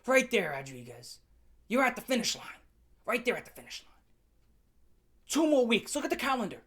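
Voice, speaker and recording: A man's voice: extremely high pitch, sing-song, normal speed, a bit bright, heavily acted. A man imitating his stern former football coach, who lectures him in a disappointed, repetitive way. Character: stern older male school coach lecturing.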